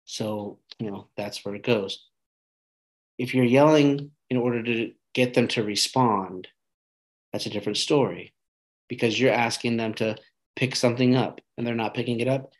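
A man's voice: mid-range voice, steady tone, moderate pace, low-quality recording. A man hosting a podcast, giving earnest parenting advice in a casual monologue and often checking in with "right?".

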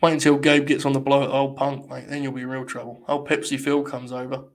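A man's voice: mid-range voice, flat delivery, fast. A young man hosting a live watch-along stream, talking in a mock-grandiose, rambling way full of swearing.

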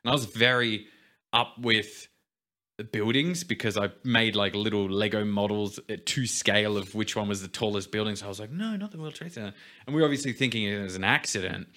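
A young man with a bright, forceful voice, talking casually on a podcast. He sits fairly low in pitch and tells his stories in a laid-back way, dropping quieter at the serious parts. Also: steady tone, a little fast. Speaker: podcast co-host.

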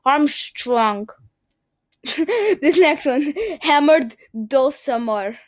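A young woman chats casually to her viewers. Her voice sits a little high, and she rambles, giggles and stumbles over unfamiliar words. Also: lively intonation, very slow. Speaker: vlogger.

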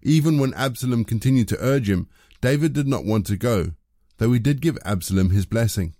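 A man reading scripture as scripted narration, measured and even. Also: medium pitch, dry recording, clean studio sound. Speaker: scripture reader.

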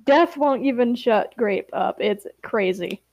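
Playful woman co-host, very high voice, casual storytelling. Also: creaky, a little mellow, no echo. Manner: playful, quick to laugh. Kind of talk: casual narrated role-play.

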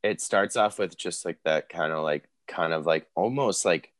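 A man with an extremely deep, low voice talks casually on a music podcast. He rambles, stacking filler words as he works through his thoughts. The sound is dry and close, with no room around it. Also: normal speed, a bit bright, dry recording.

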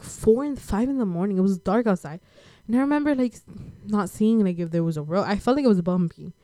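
A woman's voice: mid-range voice, warm tone, no room sound, clean studio sound. A young woman from the United States telling a personal story in a casual chat, slangy and laid-back, with lots of fillers.

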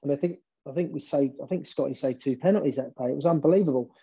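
A man, a former football manager, telling stories in an interview, animated and often repeating words as he builds up a point. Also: mid-range voice, quick pace, creaky, muffled recording. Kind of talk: storytelling interview.

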